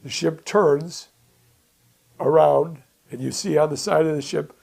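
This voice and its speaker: A man presenting at a workshop, retelling a film in an animated, chuckling way. His voice sits fairly high and has a gravelly, husky texture. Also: unhurried. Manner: animated, chuckling, acting out scenes.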